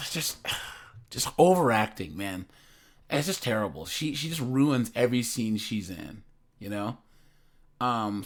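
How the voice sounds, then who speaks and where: A man hosting his own reaction commentary, talking at home into a desk mic. His voice sits a little high for a man, and his pitch swings a lot. He rambles, doubles back on his words and laughs easily. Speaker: reaction channel host.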